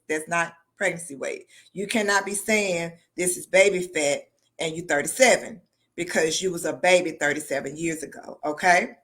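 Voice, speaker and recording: A woman's voice: fairly low pitch, fairly bright tone. A woman doctor hosting a live question-and-answer stream, talking in a frank, folksy, emphatic way. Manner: frank, folksy and emphatic, often says y'all. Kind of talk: casual live-stream talk.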